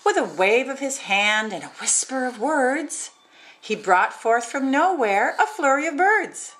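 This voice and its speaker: A woman reading a rhyming picture book aloud in a sing-song, animated way, adding exclaimed asides between verses. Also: high-pitched, a little slow, faint music behind. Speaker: storybook reader.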